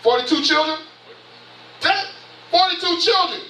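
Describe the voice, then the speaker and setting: A man's voice: very high voice, measured pace, bright, forceful tone, a little hiss or hum. A man in his fifties with a Southern US accent, preaching a sermon as bishop with impassioned rhetorical questions. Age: 50s. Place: church sanctuary. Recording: echoey church from far off.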